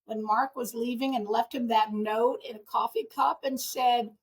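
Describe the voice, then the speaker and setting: A husky middle-aged woman with a fairly high voice chats as a guest on a podcast. She tells stories with feeling and acts out what other people said. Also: normal speed. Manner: animated, emotional storytelling that acts out what others said. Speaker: guest, mother of the hosts. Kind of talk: casual chat.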